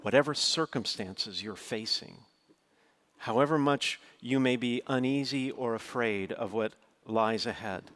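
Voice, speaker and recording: A man's voice: medium pitch, measured pace, a bit bright. A middle-aged man preaching a sermon, telling a personal story in an earnest, storytelling way, his voice rising sharply when he quotes his own words. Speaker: pastor.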